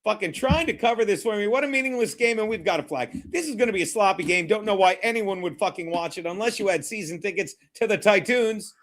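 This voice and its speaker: Brash high-voiced man streaming football. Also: fast, hardly any pauses, fairly bright tone. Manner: brash, mocking, rambling, heavy swearing. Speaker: live stream host. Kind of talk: profane live sports watchalong commentary.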